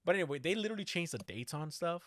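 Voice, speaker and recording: A man's voice: fairly high pitch, animated, very fast, fairly bright tone, dry recording, studio quality. A man in casual talk, telling a story animatedly, swearing often and acting out the quotes. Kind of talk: casual podcast chat.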